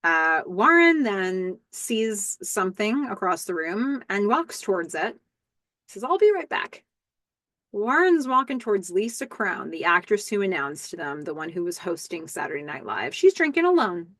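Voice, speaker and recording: A woman hosting a podcast, recapping a TV episode in a casual, animated way and reading the characters' lines aloud in playful voices. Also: medium pitch, normal speed, few pauses, no echo, studio quality.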